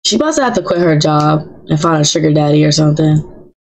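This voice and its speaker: A woman's voice: low voice, fast, poor audio. Playful woman streaming a life-sim game. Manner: chatty and teasing, talks back to game characters in slang. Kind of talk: playful live gameplay commentary.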